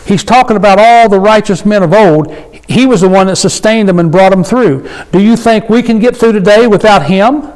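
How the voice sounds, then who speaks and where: A man with a fairly high voice leads a casual Bible study. He reads scripture in a slow, deliberate way, then explains it in plain everyday words. He keeps asking his listeners questions. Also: darkish tone, poor audio. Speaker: Bible teacher. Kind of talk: informal Bible study teaching.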